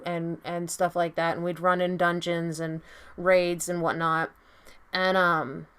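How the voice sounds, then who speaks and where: A woman in her thirties chats to camera with a lowish, easygoing voice, telling a personal story. She rambles, stacks up fillers and restarts her sentences often. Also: smooth. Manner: chatty and rambling, full of "like" and "you know"; acts out quoted lines in a higher, excited voice. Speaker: beauty vlogger.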